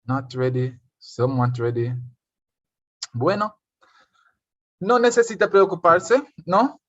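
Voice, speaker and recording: A man's voice: on the high side, fairly even intonation, measured pace, fairly bright tone, no echo, highs cut off. A man with a Jamaican accent tutoring an online Spanish revision class, switching between English and Spanish and quizzing his students.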